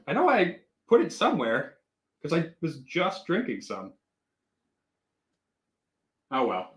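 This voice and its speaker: A man's voice: on the high side, wildly swooping pitch, measured pace, pauses often. A man from Wisconsin hosting a casual whiskey livestream, chatting animatedly and reading out viewer comments, with a self-deprecating streak and casual swearing. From Wisconsin, Milwaukee area. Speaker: whiskey reviewer, livestream host.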